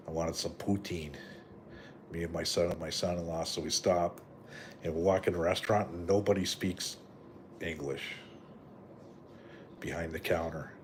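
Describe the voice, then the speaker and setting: Deep-voiced rambling middle-aged man. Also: slight background noise. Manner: rambling, profane, full of fillers and "right?". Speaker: live stream host. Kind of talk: casual rambling live chat.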